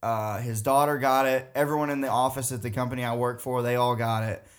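A man's voice: medium pitch, steady tone, fairly quick. A man with a Southern US accent, co-hosting a podcast in a rambling, casual chat, often laughing. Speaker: podcast co-host.

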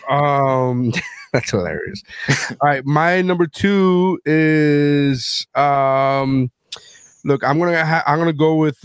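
A man's voice: mid-range voice, clear, resonant tone, dry recording. A middle-aged man tells rambling, profane stories on a casual talk show. He sounds close to the microphone in a dead, dry room. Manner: profane storytelling, animated. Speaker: podcast host. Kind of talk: casual chat.

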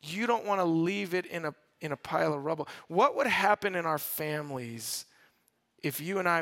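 Male pastor, lively sermon, high voice, acts out quotes, rhetorical questions. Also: moderate pace. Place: church in front of a live congregation.

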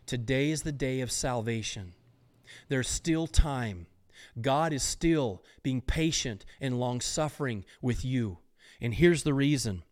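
A man's voice: medium pitch, takes it slowly, a little mellow. Fervent male podcast preacher. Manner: emphatic, fervent. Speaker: podcast host. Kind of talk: preaching monologue.

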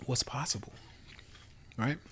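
A man's voice: a little slow, noisy background. A man in his thirties, hosting a live motivational rant from home on a phone, brash and profane, calling out to his audience and sometimes dropping to a whisper. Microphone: phone on a live stream.

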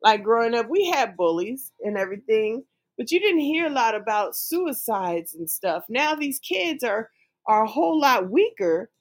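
Opinionated woman co-host, slightly high voice. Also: sing-song. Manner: conversational, opinionated, halting restarts. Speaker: podcast co-host. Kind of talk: casual chat.

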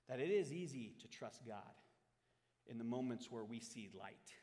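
A man preaching a sermon to a congregation, swinging from loud, dramatic scripture readings to quiet, reflective asides. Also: mid-range voice, expressive, moderate pace. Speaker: pastor. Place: church hall. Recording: long hall reverb. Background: congregation in the room.

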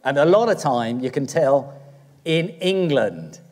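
A man's voice: medium pitch, animated, moderate pace, darkish tone. A middle-aged Australian-born man, a priest, preaching a sermon in a chatty, joking way to his congregation. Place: church. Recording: long church reverb.

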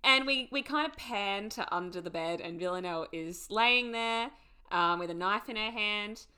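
Excitable woman podcast co-host. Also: mid-range voice, normal speed, clear, resonant tone. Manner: excitable, gushing, laughs often. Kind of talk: casual chat recapping a TV episode.

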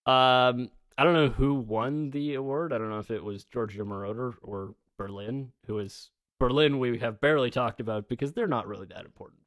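This podcast co-host talks briskly in a mid-range, fairly bright voice during casual chat, rambling, swearing now and then, and laughing often. The recording is clean studio sound without any room sound.

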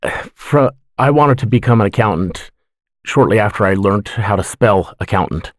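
Middle-aged man, lowish voice, dry close mic, easygoing self-deprecating guest with lots of ums. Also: animated, moderate pace, no echo. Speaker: podcast guest. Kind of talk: casual interview talk.

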